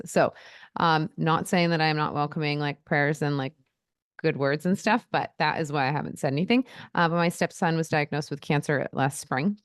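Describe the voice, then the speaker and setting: A woman's voice: low-pitched, no room sound, clean studio sound. A woman co-hosting a podcast in casual chat, talking openly with frequent "like" and "um" fillers. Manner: chatty and open, with frequent "like" and "um" fillers. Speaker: podcast co-host.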